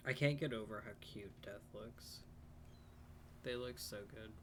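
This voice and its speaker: A man's voice: mid-range voice, a little slow, noisy background. Chatty man narrating his gameplay. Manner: chatty, rambling, self-deprecating. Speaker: game streamer. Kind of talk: casual let's-play commentary.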